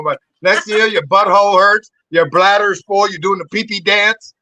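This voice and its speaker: A middle-aged man talks as a podcast guest in a high, bright voice, cussing freely as he tells a story. He jumps sharply up in pitch whenever he acts out what someone said. The sound is close and dry, with no room in it. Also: normal speed, few pauses, dry recording, low-quality recording. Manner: animated, profane, acts out quotes with big pitch jumps. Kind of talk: casual storytelling chat.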